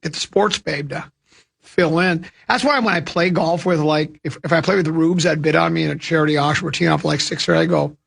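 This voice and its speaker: A man's voice: on the high side, fairly even intonation, a little fast, vocal fry, a bit bright, slightly rough. An older man hosting a radio show, telling rambling stories in casual chat with lots of restarts and asides. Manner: rambling, with many restarts and self-amused asides.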